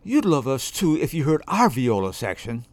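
A man's voice: medium pitch, very animated, moderate pace, a little mellow, no echo, close to an everyday voice. A man voicing an eager, bossy female viola bow with a piping voice. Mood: grumbling.

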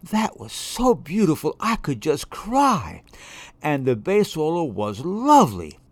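A man's voice: medium pitch, big pitch swings, a little slow, no echo. A man voicing a sentimental female cello bow who snivels and gushes. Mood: teary. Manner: sniveling, gushing.

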